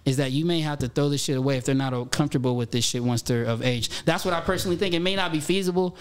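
Animated man talking casually. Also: a little high, racing. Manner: animated, swears casually, frequent "you know". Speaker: podcast guest, former child actor. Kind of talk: casual chat.

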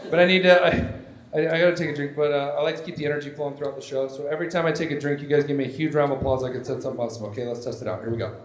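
A man in his forties doing a stand-up comedy routine on stage, loud and animated, often shouting for effect. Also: a little high, racing, noisy background. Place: comedy stage before a live audience. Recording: echoey live room with crowd.

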